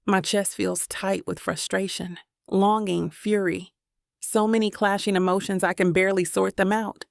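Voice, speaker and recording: A woman reading a romance audiobook as a steady first-person narrator. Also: medium pitch, moderate pace, gravelly, no echo, studio quality.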